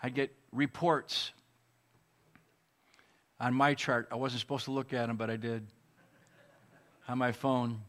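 Male pastor, earnest sermon testimony, emotional with deliberate pauses. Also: mid-range voice, flat delivery, a bit bright.

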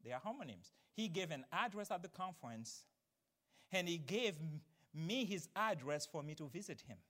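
A man preaching a sermon, swinging from loud, emphatic declarations to quiet, explanatory teaching. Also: fairly high pitch, lively intonation, normal speed.

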